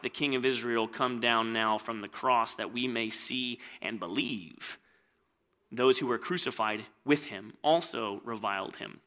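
A male pastor preaching a sermon and reading scripture, swinging from hushed, slow lines to loud, emphatic ones. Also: mid-range voice. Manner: dramatic, swings between hushed and loud, slows on key phrases.

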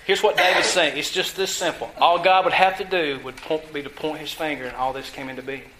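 A man preaching a sermon, teaching from scripture with emphasis and putting questions to his listeners, drawing some words out slowly for stress. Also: a little high, steady tone, background noise. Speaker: pastor.

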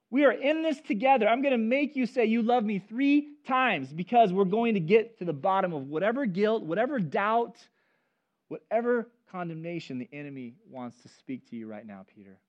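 A man's voice: very high voice, voice pushed up. A man voicing Jesus as a patient, reassuring man in a sermon, earnest and close, on a dull lo-fi recording.

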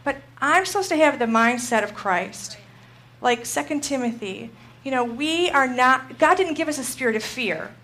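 A middle-aged woman gives a faith lesson in a casual, talky way. She tells her stories with animation and acts out her own panic. Her voice sits a little higher than most women's. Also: animated, normal speed, fairly bright tone. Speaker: Christian teacher. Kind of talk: teaching talk with personal story.

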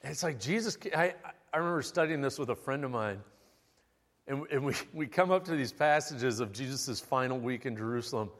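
A man preaching a sermon, telling the story in a casual, animated and humorous way. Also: mid-range voice, fairly quick. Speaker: pastor. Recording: long hall reverb.

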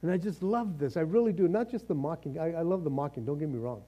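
High-voiced, mellow male preacher. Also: fast talker, muffled recording. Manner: casual, joking preacher, conversational asides and repeated starts. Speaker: pastor. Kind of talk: sermon.

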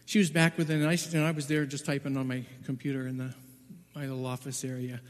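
A man telling a personal testimony as a Bible translator, halting and repeating words, then growing urgent and loud at the tense parts. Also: mid-range voice, flat delivery, big-room sound.

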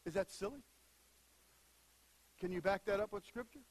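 A man preaching a sermon, moving between quiet asides and loud, emphatic bursts. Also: high-pitched, normal speed, poor audio. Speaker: pastor.

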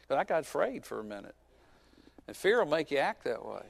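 A man in his fifties, a pastor preaching a sermon who tells a personal story with joking asides and swings between loud and soft. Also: fairly high pitch, very animated, a little fast, creaky.

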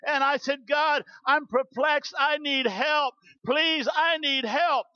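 Give me a man playing a weeping woman who pleads for help, bright and tense. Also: very high voice, steady tone, moderate pace, vocal fry, no room sound, dull audio, voice pushed up, heavily acted. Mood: pleading. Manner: pleading, crying out.

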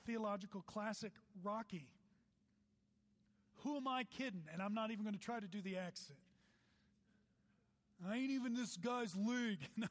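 A man preaches with a high, bright voice that rises and falls eagerly. He breaks off for playful asides and read-out quotes. His words carry long reverb through a large hall. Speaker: pastor. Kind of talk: sermon.

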